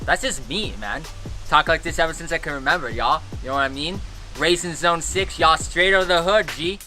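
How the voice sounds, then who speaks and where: A man's voice: on the high side, brisk, music in the background, natural voice. A young man in a comedy sketch playing a white guy who puts on heavy street slang and swagger. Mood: defensive.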